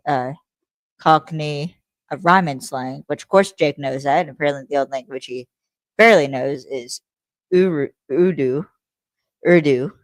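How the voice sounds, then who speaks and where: A woman with a low, deep voice hosts a laid-back solo podcast, rambling through her thoughts with plenty of fillers and casual swearing. Her voice sounds dry and close, with no room echo. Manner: rambling, profane, lots of "like" fillers. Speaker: podcast host.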